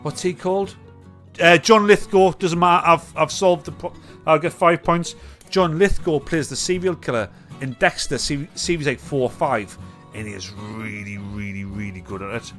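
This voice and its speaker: A young man from England rambles through a casual live-stream rant, swearing freely and reacting to chat comments. His voice sits a little high for a man. Faint music plays underneath. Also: fairly even intonation, moderate pace, fairly bright tone. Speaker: livestream host.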